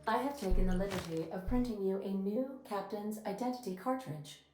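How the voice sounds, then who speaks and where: A woman voicing a polite, literal-minded female ship computer in a video game, speaking in a formal, precise, evenly measured way. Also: medium pitch, natural voice. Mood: courteous. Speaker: ship's AI. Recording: echoey game audio with faint music.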